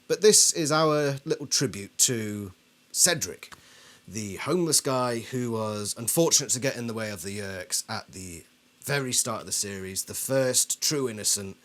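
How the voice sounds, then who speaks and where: A man's voice: fairly low pitch, fairly bright tone. A man hosting a casual commentary video, talking things through and asking his viewers questions. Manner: conversational, asks the audience questions. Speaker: video host.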